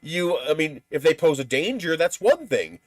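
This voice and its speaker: A man's voice: a little high, big pitch swings, moderate pace, no echo. A man hosting a live stream in casual chat, blunt and profane, who laughs at his own stories.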